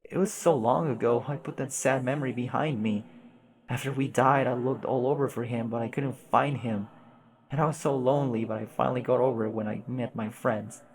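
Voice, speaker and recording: A man's voice: mid-range voice, steady tone, brisk, in a large hall, lightly acted. A man reading aloud and voicing a grieving, lonely young girl who pleads in a shaky, upset way.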